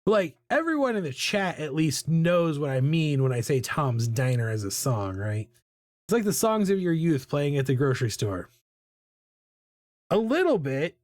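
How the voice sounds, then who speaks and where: With no room sound, a very animated mid-range voice, slightly mellow and at a moderate pace, belongs to a thirtysomething artist live-streaming a drawing session. The talk is rambling and self-deprecating, packed with fillers like "like," repeated words, hums, and laughter.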